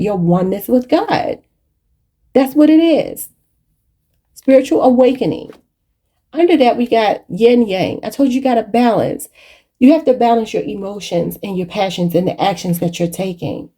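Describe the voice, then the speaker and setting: A woman's voice: mid-range voice, mellow, husky. A woman giving a channeled tarot reading, emotional and preachy, choked up and near tears, calling her viewers y'all. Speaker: tarot reader.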